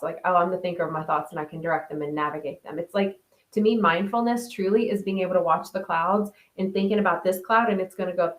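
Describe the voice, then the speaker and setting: A woman hosting a mindfulness talk, chatting casually, thinking aloud and reading out viewer comments. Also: medium pitch. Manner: chatty, thinks aloud with many restarts and "right?". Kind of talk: casual live-stream chat. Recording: roomy echo.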